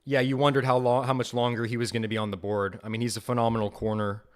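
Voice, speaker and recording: A young man hosting a live fan podcast, reacting to picks with excited, repetitive enthusiasm. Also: mid-range voice, fast talker. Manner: excited, enthusiastic, repeats himself. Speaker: podcast host.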